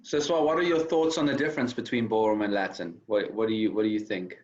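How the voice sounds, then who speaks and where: A man hosting an interview, asking brisk, direct questions in quick succession. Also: on the low side, fairly even intonation. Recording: dull lo-fi recording.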